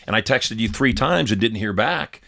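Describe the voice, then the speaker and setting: A middle-aged man with a low voice talks on a podcast. He tells personal stories with a steady delivery and slips into quoted dialogue as he goes. He is recorded on a studio mic. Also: normal speed, gravelly. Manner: storytelling, acts out quoted dialogue. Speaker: podcast co-host. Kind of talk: casual podcast conversation.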